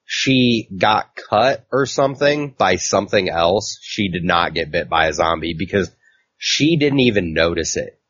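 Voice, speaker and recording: A man's voice: deep voice, lively intonation, a little slow, fairly bright tone, no room sound. A man co-hosting a casual comic book podcast, recapping a story in a rambling way with lots of fillers. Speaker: podcast co-host. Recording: dull, lo-fi mic.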